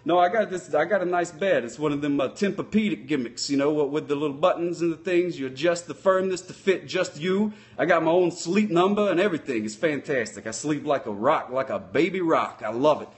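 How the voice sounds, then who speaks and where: Folksy, speeder-obsessed male sock-puppet cop, voiced by a man, pitched a bit high, rambling in a comic live-stream chat. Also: a little fast, few pauses, natural voice. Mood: chatty. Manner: folksy, rambling, loose grammar.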